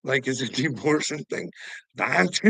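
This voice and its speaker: A man's voice: fairly high pitch, big pitch swings, measured pace, creaky, fairly bright tone, husky, dry recording, rough recording. A man vlogging in a heated, profane casual rant, chuckling between points. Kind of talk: casual ranting monologue.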